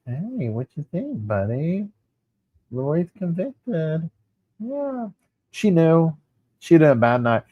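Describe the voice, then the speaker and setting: A man's slightly high voice moves slowly with frequent pauses, and the audio sounds narrow and tinny with a little background noise. He's hosting a casual livestream, chatting animatedly and calling his viewers y'all.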